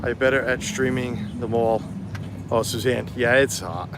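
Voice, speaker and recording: A man's voice: medium pitch, a little slow, background noise. New man livestreaming with a cold. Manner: chatty, reads and answers viewer comments. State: fighting a cold. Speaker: vlogger livestreaming. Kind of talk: casual live-stream chat. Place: outdoors on a hot town street.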